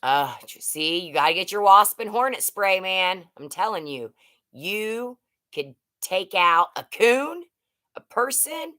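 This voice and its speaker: A woman's voice: mid-range voice, very animated, slow pace, bright, forceful tone. A middle-aged woman hosting a casual livestream, rambling and chatting as she reads out viewer comments. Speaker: livestream host. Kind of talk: casual live chat with viewers.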